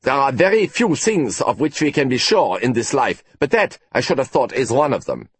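A man voicing a fussy, formal older German professor who talks stiffly and pompously, in a husky voice. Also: mid-range voice, big pitch swings, normal speed, no room sound, pitched above the performer's own voice. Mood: haughty. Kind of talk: audiobook character reading.

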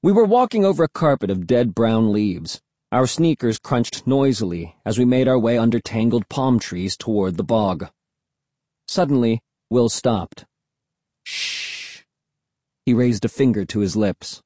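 A man reading a first-person story aloud in a lively, expressive way. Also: medium pitch, moderate pace, no echo. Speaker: audiobook narrator.

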